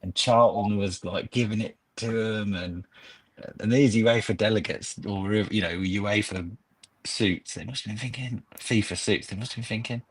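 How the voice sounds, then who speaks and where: A man's voice: fairly low pitch, moderate pace, slightly rough. A man in his thirties, a podcast guest chatting casually and telling long, rambling, nostalgic football stories. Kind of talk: casual chat.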